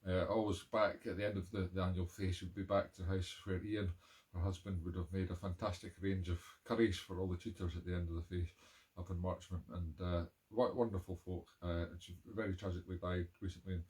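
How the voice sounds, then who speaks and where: A man's voice: low voice, level tone, a little fast, a little mellow. A middle-aged man with a Scottish, Edinburgh accent, hosting a music live stream from home and chatting in a rambling, self-amused way with many fillers. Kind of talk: casual live-stream chat between tunes. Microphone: home live-stream setup.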